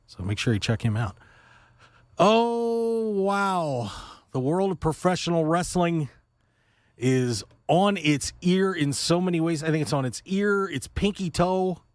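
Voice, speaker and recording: A man running a radio talk show, swinging his pitch all over as he cracks sarcastic jokes. The studio sound is close and dry, with no room around it. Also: moderate pace, no echo. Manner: sarcastic, joking, lively. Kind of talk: casual wrestling radio chat. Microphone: studio microphone.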